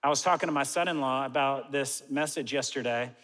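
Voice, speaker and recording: A man in his forties preaches in an easygoing, animated way, with self-mocking asides. His mid-range voice rings out with long reverb, as in a large church hall. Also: medium pitch, brisk. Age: 40s. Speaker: pastor. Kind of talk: sermon.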